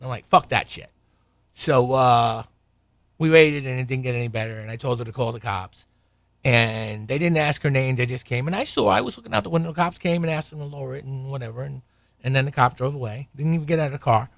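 A man's voice: mid-range voice, fast talker, vocal fry, no room sound. A man hosting a podcast, telling a rambling, profane story from a room at home and chuckling often. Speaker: podcast host.

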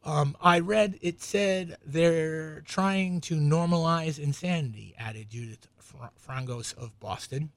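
A man with a fairly high voice and a slight New England accent hosts a casual talk show, speaking slowly with hardly any pauses and no room sound. He reads news aloud and riffs on it sarcastically, rambling with lots of fillers and laughing at his own jokes.

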